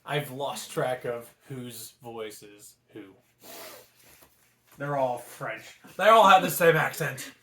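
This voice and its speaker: A man hosting a casual read-aloud vlog, animated and jokey, in an echoey room. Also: mid-range voice, slow. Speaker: storybook reader.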